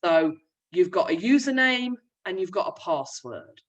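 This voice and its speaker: A woman's voice: lowish voice, big pitch swings, unhurried, recorded from a distance, dull audio. A young woman, a primary school teacher, chattily explaining a remote lesson while sharing her screen. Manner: friendly, chatty classroom explaining.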